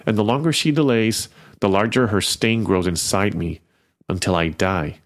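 A man voicing a cold, aloof female fairy who speaks in a measured, ominous way. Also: on the low side, lightly acted. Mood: grim.

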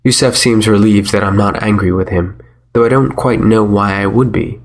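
A man narrating a first-person story in a measured, wry manner. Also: lowish voice, steady tone.

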